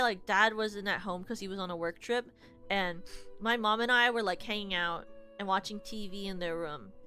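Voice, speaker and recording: A young woman streamer telling stories casually to her chat, animated, with lots of "like", shrieking when she relives the scary parts. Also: on the high side, smooth.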